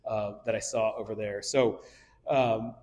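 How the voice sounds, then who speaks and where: A man's voice: lowish voice, fairly even intonation, measured pace, darkish tone, big-room sound. A middle-aged man from Kansas City telling a casual, anecdotal story in a speech to a luncheon audience, with frequent ums and restarts. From Kansas City area. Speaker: luncheon speaker. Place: banquet hall.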